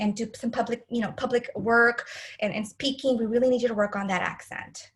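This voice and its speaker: A woman lecturing with a fairly high voice, talking straight to her listeners. She is candid and emotional, hesitant and full of restarts, and sounds close to tears. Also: fairly even intonation, a little fast.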